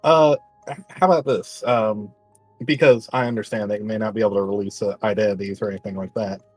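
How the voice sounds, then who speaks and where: Man, tabletop player, halting polite speech, husky low voice, dry close sound. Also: steady tone, a little mellow, no room sound, faint music behind. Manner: halting, polite, many fillers. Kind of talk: playing a character in a tabletop game.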